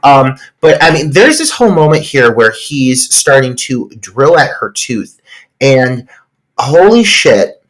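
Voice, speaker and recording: A man's voice: mid-range voice, sing-song, slow pace, rough recording. A man co-hosting a podcast, reacting to a horror film in an emphatic, casual way and swearing often. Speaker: podcast co-host. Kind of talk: casual film review chat.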